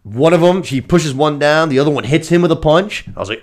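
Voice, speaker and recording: A man co-hosting a podcast, recapping a TV episode in a casual, animated and profane way. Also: a little high, a little fast. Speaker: podcast co-host.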